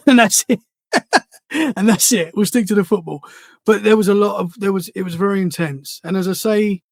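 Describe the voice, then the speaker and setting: A man's voice: high-pitched, creaky, dry recording, studio quality. A man in his thirties, a podcast guest, telling his experiences in an earnest, rambling way with many restarts. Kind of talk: casual storytelling interview.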